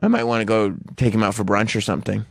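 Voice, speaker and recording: A man's voice: lowish voice, fairly even intonation, quick pace, vocal fry, slightly rough, dry recording, clean studio sound. A man who laughs often, joking around in casual radio banter as a regular on the show. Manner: giggly, playful, often laughing.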